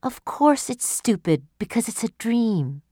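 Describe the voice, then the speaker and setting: A woman's voice: fairly high pitch, sing-song, a little slow, warm tone, no room sound, studio quality, voice pushed up. A woman voicing an eager, wondering alien wife who tells of a strange dream, in a read-aloud story. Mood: earnest.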